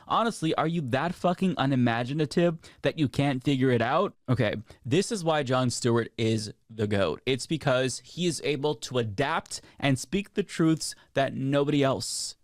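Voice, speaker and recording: A man's voice: medium pitch, normal speed, few pauses, no room sound. Opinionated male commentator, blunt and profane, very dry close mic. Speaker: political commentator. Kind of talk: video commentary on news.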